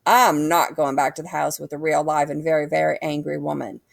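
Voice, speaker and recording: Woman doing Hector, a timid squeaky boy. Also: fairly even intonation, brisk, vocal fry, no echo, clean studio sound. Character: nervous young schoolboy sidekick.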